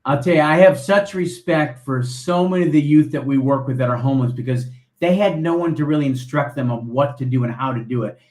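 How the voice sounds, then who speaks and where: A man's voice: mid-range voice, fairly quick, darkish tone, reverberant. A man from Buffalo, New York, speaking as an interview guest in an earnest, promotional way. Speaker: guest, nonprofit founder. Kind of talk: interview talk.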